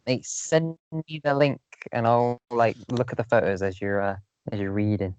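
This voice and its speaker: A man co-hosting a podcast over a video call, chatting casually with short reactions and quick quips. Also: medium pitch, fairly even intonation, a little mellow, clean tone, dry recording. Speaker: podcast co-host listening. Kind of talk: casual chat. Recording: dull dry call audio.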